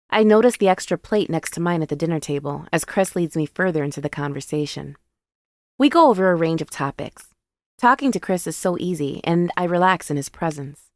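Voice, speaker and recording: A woman's voice: on the low side, lively intonation, a little fast, darkish tone, no echo, studio quality. A woman narrating a first-person romance story in an intimate, confiding way.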